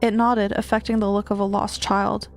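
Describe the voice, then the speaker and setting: A woman streamer reading a horror book aloud, steady with small stumbles and restarts. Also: mid-range voice, moderate pace, soft background music.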